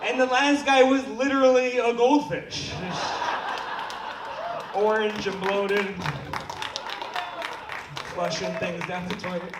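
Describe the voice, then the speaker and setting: A man's voice: sits high, steady tone, slow pace, long pauses, background noise. A young man from Seattle performing a crude, self-deprecating stand-up set and playfully bossing the crowd into clapping. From Seattle, USA. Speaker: stand-up comedian. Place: comedy club stage. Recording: echoey club audio from far off.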